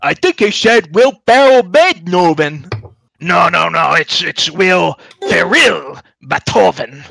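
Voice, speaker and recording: A man's voice: high voice, animated, slow pace, vocal fry, pushed and bright, full character voice. A man voicing a trio of moss-covered male bridge trolls who squabble among themselves. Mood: bickering.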